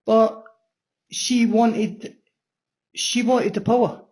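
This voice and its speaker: A woman's voice: a little high, little pitch movement, drawn-out words, a little mellow. A woman in her sixties giving a blunt personal testimony in an interview, swearing freely and repeating phrases for emphasis. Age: 60s. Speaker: interview guest.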